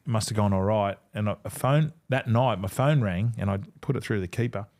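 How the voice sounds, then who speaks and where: A man's voice: on the low side, a little fast, a little mellow. A middle-aged Australian man, a former footballer, telling stories in a casual chat. He swears freely and acts out other people's lines. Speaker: podcast guest, former rugby league player.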